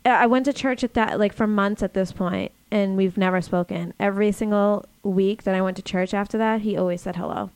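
Woman from Boston in her late twenties, quick crisp delivery, dry close sound, swearing casually. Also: medium pitch, no echo. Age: late 20s. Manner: animated, profane, rapid anecdotes. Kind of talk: casual storytelling.

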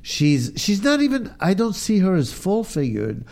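A man's voice: sits high, a little slow, vocal fry. A man with a chesty cough, chatting casually as a co-host, telling stories with lots of "you know"s. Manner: chatty, animated storytelling with many "you know"s. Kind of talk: casual chat.

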